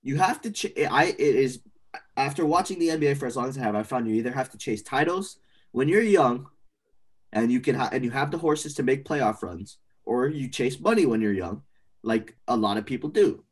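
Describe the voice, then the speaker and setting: A man co-hosting a casual sports podcast, opinionated and animated, often trailing off into fillers. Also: medium pitch, brisk, slightly rough. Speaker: podcast co-host.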